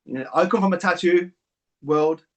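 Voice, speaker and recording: A man's voice: high voice, moderate pace. A man, a clinic owner and guest, telling his story candidly and with feeling, swearing casually. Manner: emotional, swears casually, animated retelling.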